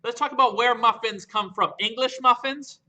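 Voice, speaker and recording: A man with a very high, piercing voice delivers a brash, mocking comedic rant. His tone is sharp and edgy. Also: normal speed. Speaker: improv player arguing for croissants. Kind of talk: comedic opening argument.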